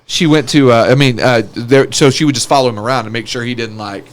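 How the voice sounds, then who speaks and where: A man's voice: medium pitch, fairly even intonation, fast talker. A man in casual podcast chat, telling stories in a laid-back way and laughing as he goes.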